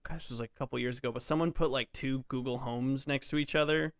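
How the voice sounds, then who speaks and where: A man's voice: mid-range voice, fairly even intonation, quick pace, a bit bright, clean tone, dry recording, clean studio sound. A man hosting a casual gaming podcast, jokey and rambling, laughing often as he talks into a podcast mic. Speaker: podcast host. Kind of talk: casual chat.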